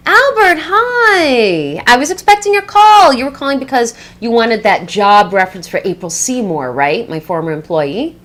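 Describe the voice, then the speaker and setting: Woman doing a catty ex-boss, sugary sarcasm, swooping voice, bit high. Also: big pitch swings, moderate pace, fairly bright tone. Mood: mock-sweet. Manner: sweetly sarcastic, gushing, backhanded. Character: catty woman sabotaging her ex-employee with fake praise. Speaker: former boss giving a job reference by phone. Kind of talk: scripted comedy monologue.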